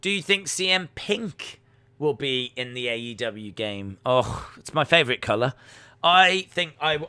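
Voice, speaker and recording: A man's voice: medium pitch, pushed and bright, clear, resonant tone. A man hosting a live stream, reacting to wrestling in casual commentary, joking and answering chat messages. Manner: jokey, reads out and answers chat.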